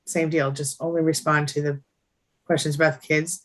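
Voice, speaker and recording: A woman's voice: low voice, little pitch movement. A woman hosting a casual live-stream chat, reading viewer comments aloud and answering them. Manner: reads viewer comments aloud, quick agreeing replies. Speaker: host.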